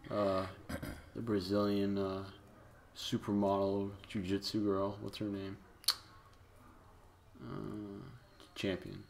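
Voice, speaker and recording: A man's voice: fairly low pitch, monotone, slow pace, gravelly, pauses often, a little mellow, a little hiss or hum. A man co-hosting a podcast in casual comedic chat, tossing in crude, joking remarks. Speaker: podcast co-host.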